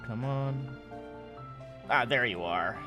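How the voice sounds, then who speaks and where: A man's voice: medium pitch, slow, music in the background. A man producing a stream, joking around in casual, playful banter.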